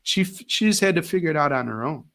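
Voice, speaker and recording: A former teacher, now middle-aged, talks fast in a slightly high voice. As a guest in a casual interview he tells stories animatedly, acting out the voices he quotes.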